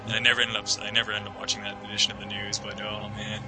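A man's voice: fairly low pitch, completely flat delivery, very fast, over music, rough recording. A young man telling a long, rambling story in a casual chat, filling it with "like" and acting out the voices of the people in it. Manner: rambling, full of "like", acts out quoted voices.

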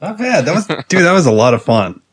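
A man's voice: on the high side, very animated, fast, husky, no echo. A young man hosting a casual gaming podcast, laid-back and joking. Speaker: podcast host.

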